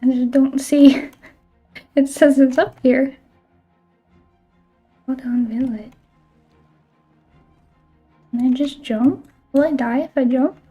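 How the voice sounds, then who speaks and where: A woman's voice: high voice, steady tone, slow pace, pauses often, mellow, soft background music. A woman streaming a game and chatting casually, filling her talk with "like" and the odd swear word. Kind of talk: casual chat while playing a game.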